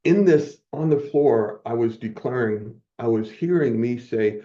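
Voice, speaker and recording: Slow-spoken man, earnest and halting. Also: medium pitch, animated, mellow, lo-fi sound. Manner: earnest, halting, moved to tears and laughter. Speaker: guest. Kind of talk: emotional personal testimony.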